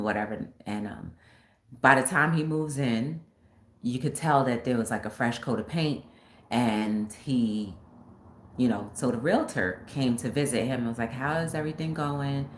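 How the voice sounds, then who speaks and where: A woman talk show host casually retelling a film story, acting out the scenes as she goes. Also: extremely low pitch. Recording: echoey room with faint noise.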